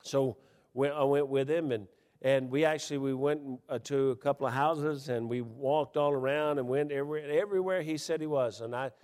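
Animated preacher in an echoing hall. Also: male voice, fairly quick. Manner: animated preaching with wide swings in pitch and loudness, folksy asides and chuckles. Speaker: pastor. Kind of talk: sermon. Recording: long hall reverb.

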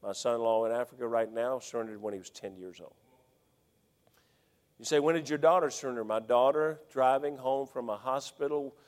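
Folksy preacher in a reverberant hall. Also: male voice, medium pitch, brisk. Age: middle-aged. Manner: folksy, swings from shouting to hushed. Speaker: pastor. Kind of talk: sermon.

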